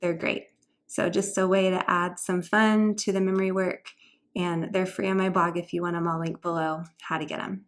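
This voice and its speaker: A woman's voice: lowish voice, little pitch movement, normal speed. A woman homeschool tutor chattily explaining classroom games and activities, now and then singing short learning songs.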